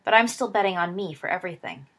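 A woman voicing a cocky teenage schoolboy wizard in a storybook reading, boastful and excitable, her pitch somewhat low with a breathy edge. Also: fast.

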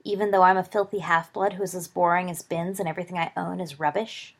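A woman voicing a quiet, moody teenage schoolboy who mumbles in a glum, dry way, reading a story aloud. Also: fairly low pitch, fairly even intonation, fast talker. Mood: wary.

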